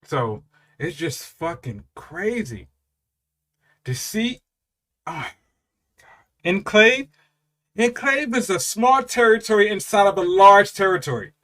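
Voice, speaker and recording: A man in his thirties giving casual reaction commentary, animated and profane, laughing often and drawing out his exclamations. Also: sits high, slow, long pauses. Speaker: reaction video host.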